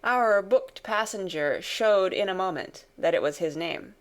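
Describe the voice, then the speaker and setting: A woman narrating a classic novel as an audiobook, in a steady, measured storytelling voice. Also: mid-range voice. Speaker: audiobook reader.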